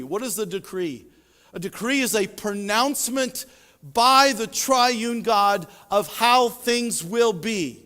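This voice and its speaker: Male pastor, high voice, emphatic preaching style, church hall reverb. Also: fairly bright tone. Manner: preaching with emphatic swells and drops. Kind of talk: sermon. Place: church sanctuary.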